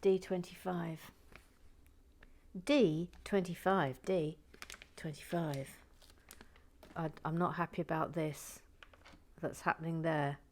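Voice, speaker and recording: A woman's voice: deep voice, fairly even intonation, takes it slowly, pauses often. A woman chatting casually to herself while building LEGO, wry and talkative as she reads out viewer comments.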